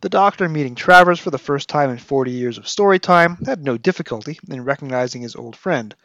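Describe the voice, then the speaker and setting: A man's voice: mid-range voice, expressive, brisk, a bit bright, dry recording. Podcast host, man, analytical and wry, reads excerpts; dry, dull lo-fi recording. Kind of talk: book review with read-aloud excerpts.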